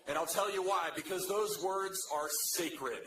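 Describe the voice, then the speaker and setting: A man, a veteran, giving a rousing, forceful speech to a room full of people. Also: sits high, a little slow. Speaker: veteran speaking at a rally. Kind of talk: rally speech. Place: large room with a crowd. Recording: echoey hall with noise.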